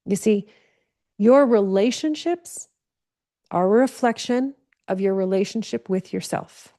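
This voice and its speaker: A woman's voice: mid-range voice, unhurried, dark tone. A woman giving an earnest spiritual teaching talk, stressing points by repeating phrases.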